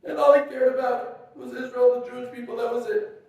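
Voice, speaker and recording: A man delivers a heartfelt funeral eulogy, halting and emotional but touched with warm humor. His voice sits high for a man. It rings with heavy echo and sounds distant from the microphone. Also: little pitch movement, gravelly. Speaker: son giving a eulogy. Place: funeral gathering. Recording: very echoey, far from the mic.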